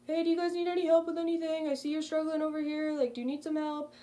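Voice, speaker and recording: A woman's voice: high voice, flat delivery, fast, dark tone, pitched above the performer's own voice, natural voice. Friendly security guard, as a woman quotes him. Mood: concerned. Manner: eager, helpful. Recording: distant mic with faint hum.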